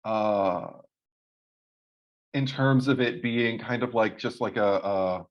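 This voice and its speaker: A man co-hosting a casual podcast chat, telling stories in an animated way and swearing freely. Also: slow. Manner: animated storytelling, jumps high for quoted voices. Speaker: podcast co-host. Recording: slightly dull lo-fi sound.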